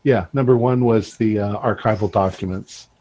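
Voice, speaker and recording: A man running a tabletop game as game master, measured and relaxed, with some fillers. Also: fairly low pitch, a little hiss or hum, rough recording.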